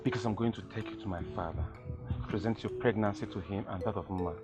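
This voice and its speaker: A man with a Nigerian accent playing a young prince who speaks calmly and reassuringly. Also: lowish voice, fast, music in the background, natural voice. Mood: determined. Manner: calm, reassuring. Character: young prince, determined and protective. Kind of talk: film acting.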